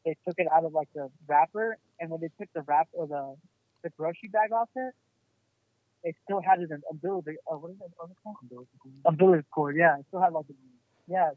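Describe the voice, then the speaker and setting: A man's voice: a little high, fast, dry recording. A man telling a story as a podcast guest, rambling casually with lots of "like" and swearing. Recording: tinny phone-like sound.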